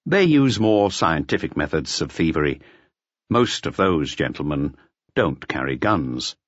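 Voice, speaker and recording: A man reading a crime novel aloud in a measured, expressive storytelling manner. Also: extremely low pitch, no echo. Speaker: audiobook narrator. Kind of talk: scripted narration. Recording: dull lo-fi audio, dry.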